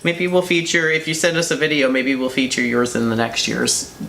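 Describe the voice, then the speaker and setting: A young man co-hosting a casual chat and telling a self-mocking story with animated energy. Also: mid-range voice, brisk, creaky. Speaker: co-host. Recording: echoey room, faint noise.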